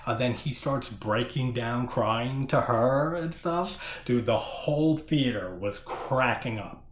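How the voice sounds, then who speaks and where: A man's voice: mid-range voice, slow pace, roomy sound. A man giving a casual horror movie review who laughs often, swears casually and rambles.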